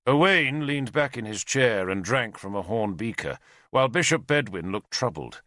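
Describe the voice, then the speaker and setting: A man's voice: lowish voice, animated, normal speed, pushed and bright, dry recording, studio quality. A man narrating an audiobook expressively, voicing every character. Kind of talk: scripted narration.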